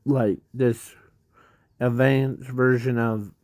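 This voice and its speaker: A man slowly narrating an improvised fan story, halting often with restarts and fillers. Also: mid-range voice, fairly even intonation, a little mellow, no echo.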